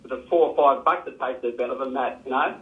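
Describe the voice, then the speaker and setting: A man's voice: medium pitch, steady tone, brisk. An older Australian man, a retired jockey, telling rambling stories and acting out what others said. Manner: rambling, repeats himself, acts out quotes. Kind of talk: casual storytelling. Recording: echoey, tinny phone-like sound.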